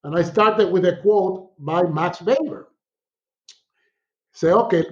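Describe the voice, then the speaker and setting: Middle-aged professor, high voice, animated storyteller, dull lo-fi recording. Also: male voice. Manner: animated storyteller, laughs often, acts out quotes. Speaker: sociology professor, guest. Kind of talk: casual conversation, storytelling.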